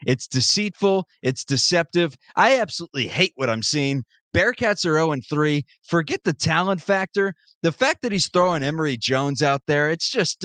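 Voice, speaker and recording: A man in his thirties co-hosting a podcast, chatting about sports with joking, animated rants. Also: on the high side, no echo. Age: 30s. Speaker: podcast co-host. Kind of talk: casual sports chat.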